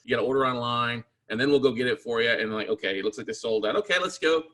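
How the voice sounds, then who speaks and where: A man's voice: mid-range voice, fast, fairly bright tone. A man hosting a talk show, chatting bluntly and venting with a little swearing. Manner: blunt, swearing, vents with acted asides. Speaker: show host. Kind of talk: casual chat.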